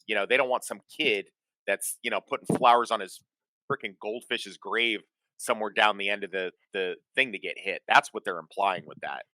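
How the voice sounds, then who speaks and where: A man with a low but bright, forceful voice explains points at length, stopping and restarting as he goes. The recording is dry and close. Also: dry recording. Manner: explanatory, halting with restarts and fillers. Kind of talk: casual chat.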